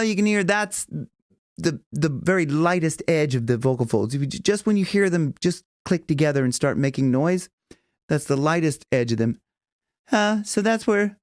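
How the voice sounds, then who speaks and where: A man teaching a casual singing lesson, chatting loosely and breaking into high sung examples and bits of vocal fry. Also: animated, moderate pace, no room sound, studio quality. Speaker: vocal coach.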